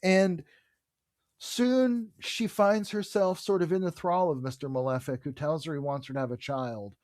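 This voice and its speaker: A man co-hosts a casual comic book podcast, talking with eager enthusiasm and the odd swear. His voice sits a touch high. The sound is dry and close, with no room echo. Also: fairly even intonation, moderate pace, darkish tone. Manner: enthusiastic, swears casually, reads dialogue aloud. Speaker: podcast co-host.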